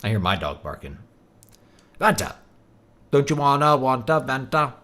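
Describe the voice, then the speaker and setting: A man's voice: medium pitch, sing-song, moderate pace, a bit bright. A man giving casual, joking commentary while playing a video game at his computer desk, laughing often. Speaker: let's-play host. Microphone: desk microphone at a computer.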